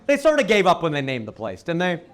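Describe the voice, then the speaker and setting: An American man works a stand-up crowd in a fairly high, bright voice that swoops up and down. He grows animated and punches his lines with exclamations. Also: fast talker. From United States. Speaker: stand-up comedian. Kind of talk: stand-up comedy routine. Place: comedy stage before a live audience.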